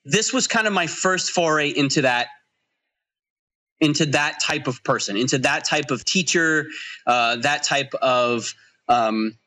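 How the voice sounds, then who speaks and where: A man's voice: a little high, unhurried, bright, forceful tone. An American man co-hosting a podcast, talking reflectively in casual chat and laughing readily. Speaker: podcast co-host.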